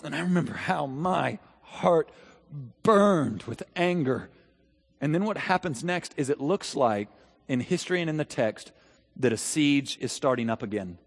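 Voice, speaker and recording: A man preaching a sermon in a church, chatting with the crowd through rhetorical questions and building to loud shouted peaks. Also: medium pitch. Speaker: pastor. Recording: long reverb of a large hall.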